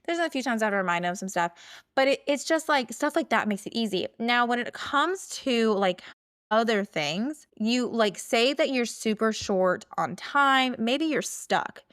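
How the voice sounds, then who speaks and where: A woman's voice: a little high, expressive, moderate pace, a bit bright. A woman hosting a podcast, talking casually and chattily, full of "like" and "okay?" checks. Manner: chatty, filler-heavy, with many "like"s and "okay?"s. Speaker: podcast host. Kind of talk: casual solo podcast talk.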